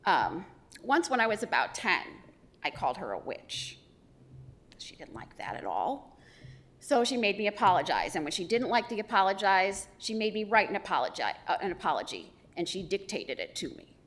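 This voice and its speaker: A middle-aged woman giving a eulogy for her mother, telling stories with gentle humor. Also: medium pitch, big pitch swings, moderate pace. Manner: warm storytelling with gentle humor. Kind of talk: funeral eulogy.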